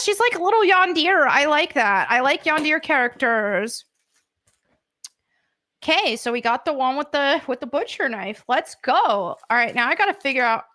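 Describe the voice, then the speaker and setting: An American woman streaming live from home, chatting excitedly as she unboxes collectible figures at her desk mic. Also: sits high, unhurried, pauses often. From United States. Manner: excitable and gushing, with gasps and laughs.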